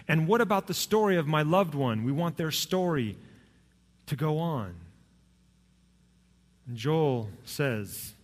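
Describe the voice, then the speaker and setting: A male pastor delivering a Sunday sermon, mid-range voice carrying through a church hall with a long reverb tail. He tells stories with emphatic swings, rising for punchlines and dropping low for solemn points. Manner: storytelling, lively pitch swings and emphatic rises.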